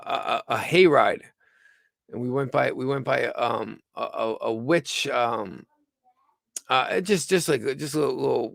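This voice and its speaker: A tired man under the weather hosts a rambling live-stream news show from home, talking haltingly with many stumbles and restarts. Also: mid-range voice, gravelly, a bit bright, no echo. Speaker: host of a livestreamed news show.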